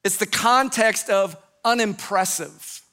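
A male pastor delivering a sermon, emphatic and repetitive, often letting his phrases fall away softly at the end. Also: high voice, slow pace, smooth. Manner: emphatic, repetitive preaching with falling phrase endings.

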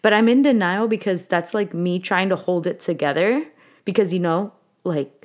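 A woman's voice: on the low side, moderate pace, darkish tone. Woman in her late twenties, podcast host, candid personal storytelling, emotional, slips into Spanish words. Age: late 20s.

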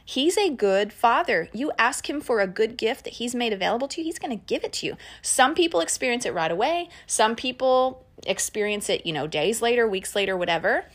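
A woman's voice: on the high side, expressive, a little fast, few pauses. Earnest woman teaching faith, conversational. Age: adult parent. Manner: earnest, encouraging, conversational with fillers. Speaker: Christian podcast teacher. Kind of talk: casual teaching talk.

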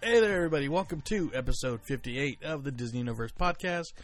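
A man's voice: medium pitch, lively intonation, fast. Brief: casual male co-host, loose and chatty, faint music bed. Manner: rambling, joking, lots of fillers. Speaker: podcast co-host. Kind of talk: casual podcast chat.

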